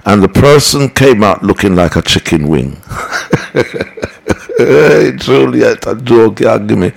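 A man hosting a broadcast, reading listener comments and rambling in a preachy, animated way. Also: lowish voice, measured pace, gravelly, low-quality recording. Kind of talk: casual broadcast talk.

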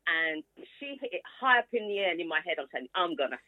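A woman in her sixties recounts her story with animated delivery. Her voice sits fairly low, rises and falls a great deal, and plays out every quote. It comes through a tinny, phone-like line with dry sound. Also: fast, no room sound. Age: 60s. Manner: lively storyteller acting out quotes. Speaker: author guest. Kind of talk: casual storytelling interview.

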